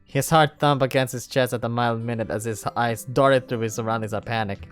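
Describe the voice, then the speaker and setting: A man's voice: mid-range voice, steady tone, brisk, clear, resonant tone, soft background music. A man reading a visual novel aloud, breaking off for jokey asides and laughter. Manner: laughs often and breaks off to crack jokes. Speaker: narrator and commentator.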